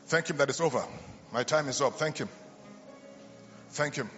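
A man's voice: mid-range voice, moderate pace, faint music behind. A man preaching a healing sermon in a large church, fervent and calling out to the congregation. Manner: fervent, shouting call-and-response. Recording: lo-fi church hall recording with reverb.

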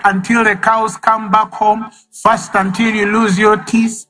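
A man's voice: sits high, little pitch movement, unhurried, hardly any pauses, over music, low-quality recording. A man preaching a sermon, emphatic and repeating key phrases for effect.

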